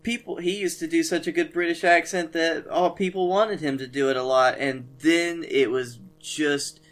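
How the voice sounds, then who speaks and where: A man's voice: on the high side, steady tone, normal speed, fairly bright tone. A man co-hosting a casual podcast, trading dry jokes and wisecracks. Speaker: podcast co-host.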